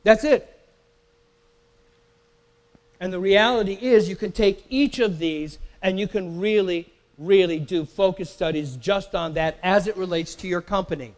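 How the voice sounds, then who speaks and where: High-voiced man teaching a marketing workshop. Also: measured pace. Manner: emphatic, quizzes the audience with questions; repeats words and restarts while talking. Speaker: workshop presenter. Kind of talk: live marketing workshop lecture. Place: live event in a company facility.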